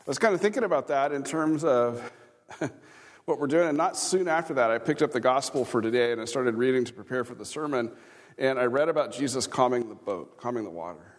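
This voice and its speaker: A pastor from Kansas speaks at medium pitch and a little fast. He preaches a conversational sermon in a church sanctuary, full of chuckling asides and questions to the congregation, recorded in a reverberant church hall.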